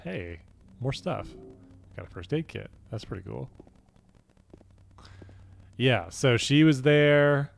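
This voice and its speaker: A man's voice: mid-range voice, expressive, slow pace, gravelly, pauses often, faint music behind. A young man streaming a horror game, chatting casually and rambling with many fillers and restarts. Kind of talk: casual gaming commentary.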